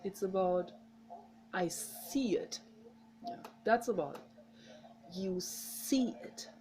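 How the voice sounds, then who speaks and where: A woman's voice: medium pitch, drawn-out words, darkish tone, a little hiss or hum, rough recording. A woman with a mother tongue, talking straight to her viewers in a rambling, heartfelt, encouraging way. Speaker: vlogger. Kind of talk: casual direct-to-camera monologue.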